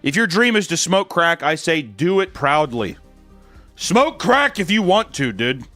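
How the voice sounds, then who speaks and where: Young guy streamer reading fan comments, crude jokes, voice bounces around a lot, kinda high, faint music in the back. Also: very animated, unhurried, sharp tone, dry recording. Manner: crude, joking, sarcastic asides. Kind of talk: casual chat.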